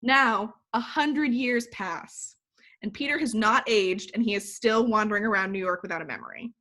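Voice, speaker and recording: A woman's voice: fairly high pitch, normal speed. A woman in casual conversation, animatedly retelling a film plot full of "like" fillers. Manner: animated storytelling, recapping a movie with filler "like". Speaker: podcast co-host. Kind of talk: casual chat.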